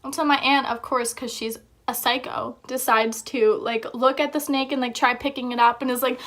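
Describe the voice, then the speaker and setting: A woman's voice: high-pitched, steady tone, moderate pace, a bit bright. A young woman vlogger telling a story in a chatty, casual way, with lots of filler words.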